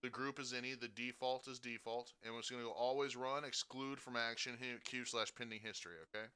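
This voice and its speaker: A man giving a casual software tutorial, talking through each step and checking in with frequent "okay?" and "right?". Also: medium pitch, level tone, brisk, clear, resonant tone. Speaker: streaming tutorial host.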